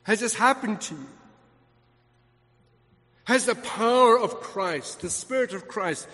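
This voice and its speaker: A man's voice: high-pitched, animated, slow pace, bright, forceful tone. A man preaching a sermon as a vicar, emphatic, asking the congregation rhetorical questions. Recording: long hall reverb.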